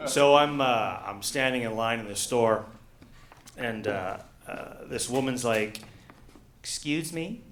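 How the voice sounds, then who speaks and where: A man in his forties performing a stand-up comedy set, telling deadpan stories with lots of uh fillers. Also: medium pitch, unhurried, slight background noise. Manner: deadpan storytelling with frequent uh fillers. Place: comedy gala stage. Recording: echoey room.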